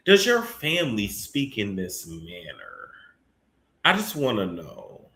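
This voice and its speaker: A man hosting celebrity gossip commentary, talking in a profane, mocking way with sudden bursts of shouting. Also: fairly low pitch, wildly swooping pitch, slow, creaky. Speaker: commentary host. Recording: echoey room.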